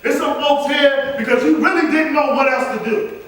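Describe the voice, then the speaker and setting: A man's voice: extremely high pitch, normal speed, a bit bright. A man giving a motivational talk in a preacher-like way, calling out to the audience. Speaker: motivational speaker. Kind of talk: motivational speech. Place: large hall. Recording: echoey hall from far off, faint noise.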